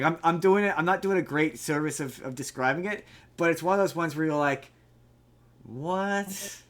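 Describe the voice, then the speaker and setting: A man's voice: medium pitch, a bit bright. A man co-hosting a podcast in casual chat, giving a rambling, profane recap of a movie plot. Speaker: podcast co-host.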